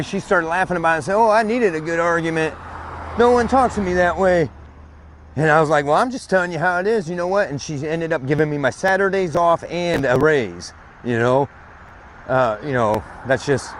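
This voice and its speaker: A man whose voice is a little high talks casually as he walks outdoors next to a street where vehicles pass. His vlog is a long, rambling grievance story laced with cursing, with a little hiss or hum in the recording.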